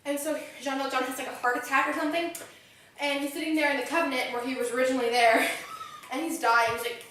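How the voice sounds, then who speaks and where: A woman giving a casual, animated plot recap and acting out the characters' lines. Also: sits high, quick pace, slight background noise. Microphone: phone. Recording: echoey room, far from phone mic.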